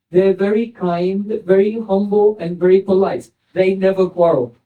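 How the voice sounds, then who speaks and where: A man teaching as a spiritual teacher, gently retelling and explaining a scripture story. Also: high voice. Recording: voice distant from the mic.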